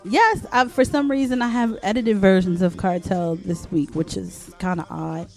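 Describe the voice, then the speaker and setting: A woman's voice: mid-range voice, normal speed, gravelly, a little mellow, soft background music. A woman hosting a radio countdown show, chatting casually, rambling and correcting herself on air.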